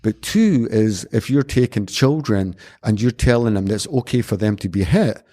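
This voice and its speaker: A man's voice: on the low side, animated, moderate pace, warm tone. A man, a martial arts instructor, talking earnestly in a rambling, conversational interview. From Scotland. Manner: earnest, rambling anecdotes with many restarts. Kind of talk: casual conversational storytelling.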